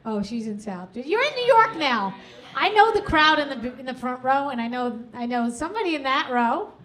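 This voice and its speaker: A woman's voice: high-pitched, sing-song, moderate pace, a bit bright. A woman hosting a comedy club stage, doing chatty, self-mocking stand-up and working the crowd on a handheld mic.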